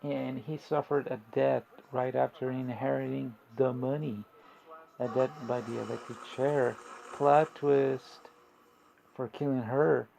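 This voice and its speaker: A man's voice: medium pitch, steady tone, moderate pace, gravelly, noisy background. A man casually recapping and reviewing a TV episode, rambling and sarcastic with plenty of slang and fillers. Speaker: video host recapping a TV episode.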